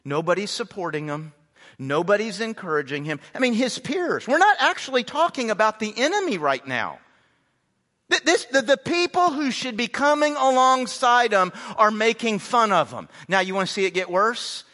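A pastor preaching with a high, bright, forceful voice that rings out through a church hall's long reverb. He leans hard on his points and slows down to stress them, often stumbling and repeating words as he goes. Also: animated. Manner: frequent word repeats and restarts. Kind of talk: sermon. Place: church sanctuary.

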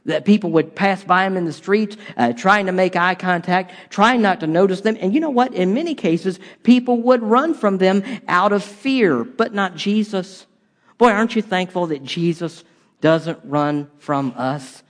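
High-voiced man preaching in a hall. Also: normal speed. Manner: conversational preaching with repeated rhetorical questions and stumbles. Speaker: pastor. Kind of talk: sermon.

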